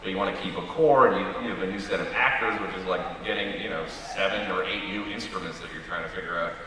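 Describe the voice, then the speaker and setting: A man who is a TV writer-producer chatting and joking on a fan convention panel. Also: low voice. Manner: joking, quick asides, trailing off. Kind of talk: casual panel chat. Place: large convention hall. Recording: echoey hall from far off with crowd noise.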